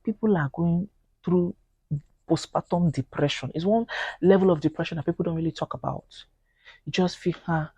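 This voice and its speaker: A Nigerian-accented woman vlogger talks casually to the camera at a moderate pace, her voice on the low side and slightly rough. She's earnest, pleading and animated, acting out quoted people in Pidgin. The recording is dry, with the highs cut off.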